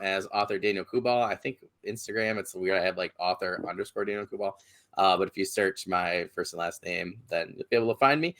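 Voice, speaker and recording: A podcast host with a very deep voice talks quickly over a video call. He rambles with plenty of fillers. The tone stays casual and chatty. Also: fairly bright tone.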